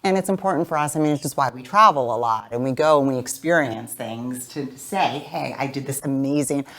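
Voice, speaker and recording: A woman with a very low voice speaks as a travel advisor on a panel. She is chatty and enthusiastic as she shares her view. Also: a little fast, fairly bright tone. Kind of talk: panel discussion.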